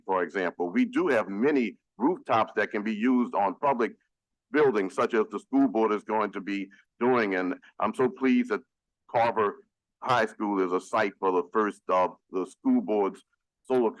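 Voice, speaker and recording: A man speaking as a city council member, addressing the chamber in an earnest, emphatic, measured way. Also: lowish voice, lively intonation, no echo, low-quality recording. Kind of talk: formal public speech at a council meeting.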